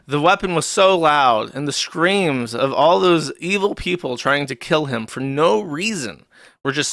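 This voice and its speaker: A man's voice: fairly high pitch, creaky, a bit bright, no echo, studio quality. A man hosting a livestream, giving sarcastic, mocking commentary and swearing freely. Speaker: livestream host.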